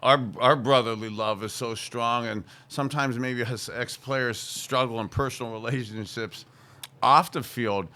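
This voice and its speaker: A man's voice: medium pitch, fairly even intonation, moderate pace, bright, forceful tone. A middle-aged man, a former quarterback, co-hosting a sports talk show in an emphatic, rambling way that repeats phrases.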